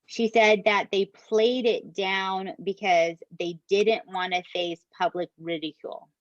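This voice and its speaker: A woman, co-hosting a podcast and retelling a true crime story in an animated, casual way that includes swearing. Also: mid-range voice, measured pace, no room sound, lo-fi sound. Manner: animated, swears, addresses listeners as "you guys". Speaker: podcast co-host.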